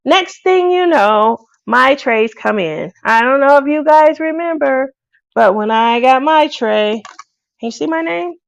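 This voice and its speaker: A woman's voice: high voice, expressive, a little slow, creaky, clear, resonant tone. A woman hosting a craft video, chatting casually to her viewers and laughing often. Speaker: craft channel host.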